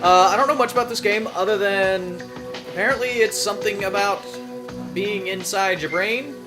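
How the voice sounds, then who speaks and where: A man's voice: high voice, normal speed, music in the background. A man hosting a gaming video, casually commenting, reading on-screen text aloud and joking as he plays. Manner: playful, reads game text aloud, jokes. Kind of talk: casual let's-play commentary.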